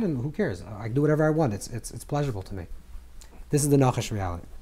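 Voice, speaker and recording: A rabbi lecturing a live group on mystical teachings, his voice sitting a little high for a man. He talks animatedly, stumbling over repeated words and leaping up or dropping low as he acts out scripture dialogue. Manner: animated, repeats words while searching for phrasing; acts out scripture dialogue with swings in pitch and volume.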